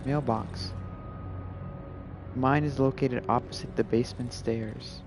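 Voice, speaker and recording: Gravelly laid-back gaming streamer. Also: male voice, medium pitch, fairly even intonation, slow pace. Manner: laid-back and rambling, full of "like" and "you know". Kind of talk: casual live gameplay commentary. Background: game music.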